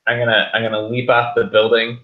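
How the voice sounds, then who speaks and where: A man's voice: mid-range voice, completely flat delivery, brisk. Male player, wry and joking, slightly dull recording. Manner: wry, laughs at his own jokes. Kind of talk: casual tabletop role-play.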